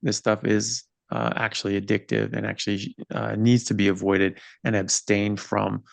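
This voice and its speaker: A man's voice: lowish voice, level tone, normal speed, creaky, no echo. A man hosting a podcast interview and explaining his points earnestly and with emphasis over a video call. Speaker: podcast host. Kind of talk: conversational interview.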